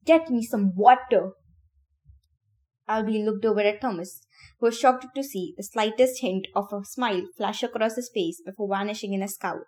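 A woman's voice: mid-range voice, steady tone, brisk, a little mellow. A woman podcast host reading a novel aloud, stopping now and then to laugh and talk to her listeners about the story. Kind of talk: casual read-aloud with chatty asides.

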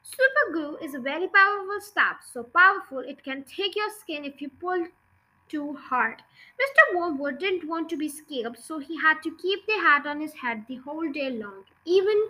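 Bright-voiced woman reading a storybook. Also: sits high, poor audio. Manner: expressive, lively read-aloud. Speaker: narrator.

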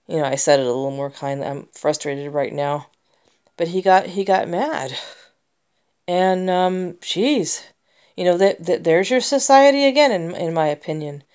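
A woman's voice: lowish voice, moderate pace, darkish tone, clear, resonant tone. An American woman talking in a personal vlog monologue, emotional and rambling, with many restarts. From United States.

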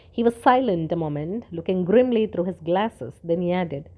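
A woman narrating a story in a steady, measured reading voice. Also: fairly low pitch. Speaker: audiobook narrator.

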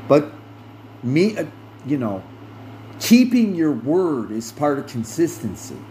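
A podcast host, a middle-aged man with a fairly high, mellow, sing-song voice, speaks slowly and deliberately with lots of rise and fall. He tells a personal story with earnest emphasis, repeating phrases to press his point. A faint air-conditioner hum runs in the background.

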